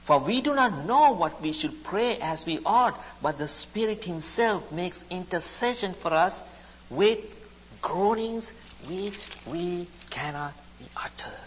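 A man's voice: high-pitched, expressive, a little slow, a bit bright, a little hiss or hum. A man preaching a sermon, speaking emphatically and repeating his phrases. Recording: dull recording in a reverberant hall.

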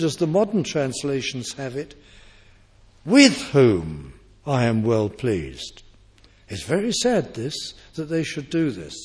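A man's voice: mid-range voice, slightly rough. A man preaching a sermon, explaining scripture with emphatic build-ups on key words. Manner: emphatic, rising to forceful peaks on key words.

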